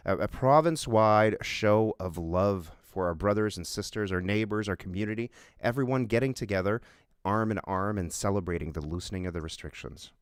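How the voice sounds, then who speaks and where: Low, smooth-voiced man reading news. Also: dry recording, clean studio sound. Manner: halting, filler-heavy delivery. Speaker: co-host reading news items. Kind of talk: casual podcast banter.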